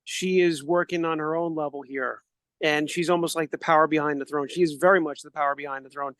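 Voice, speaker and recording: A man's voice: a little high, fairly even intonation, fairly quick, a bit bright, no echo. A man co-hosting a podcast, musing about a TV show in a reflective, hedging way. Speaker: podcast co-host. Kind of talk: casual discussion.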